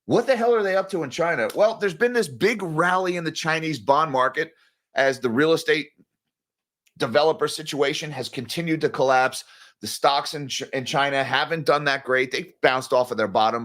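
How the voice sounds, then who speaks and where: A man's voice: a little high, moderate pace, fairly bright tone. A man hosting casual daily market news commentary, blunt and conversational, addressing viewers directly.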